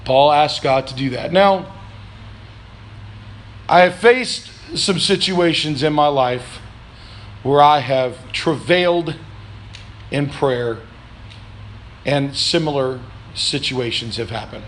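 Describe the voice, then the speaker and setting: A man pastor preaching a sermon in a church, calling for answers from the congregation, swinging between loud, shouted pleas and low, quiet reflection. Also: slow pace, pauses often. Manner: preaching with call-and-response, rising to shouts then dropping low. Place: church sanctuary.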